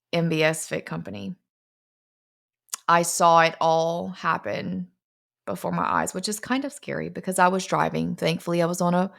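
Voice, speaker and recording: A young woman, founder of a fitness company, telling her personal story in an earnest, confessional way, slowing down on emotional points. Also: fairly low pitch, gravelly.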